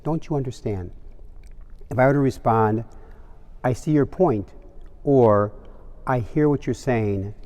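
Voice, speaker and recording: Priest guy, mellow voice, easygoing homily storytelling, big echoey cathedral. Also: lowish voice. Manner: genial storytelling, calm and measured. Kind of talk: Sunday homily with a joke. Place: large cathedral. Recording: long cathedral reverb.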